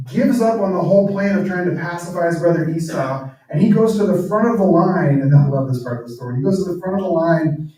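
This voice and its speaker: A man with a mellow, slightly high voice gives an earnest, reflective church talk and sometimes sinks to a near-whisper. He sounds far from the microphone. Heavy echo fills the hall around him. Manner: earnest, drops to near-whispers on emotional points. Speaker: guest speaker and author. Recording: very echoey room, speaker far from mic.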